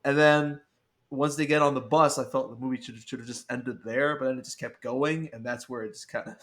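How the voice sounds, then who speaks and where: Man, mid-pitched voice, casual podcast guest, blunt and sweary, laughs a lot. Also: fairly even intonation, a little fast, fairly bright tone. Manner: blunt, swears, laughs often, pile-up of fillers. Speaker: podcast guest film critic. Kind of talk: casual film review chat.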